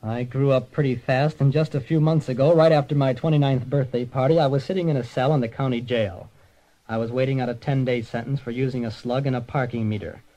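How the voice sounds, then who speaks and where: On a dull lo-fi old radio recording, a man narrates and plays a bumbling, wisecracking private detective in a radio comedy. His medium-pitched, mellow voice runs a little fast with fairly even intonation, lightly acted, breezy, punning, and self-satisfied.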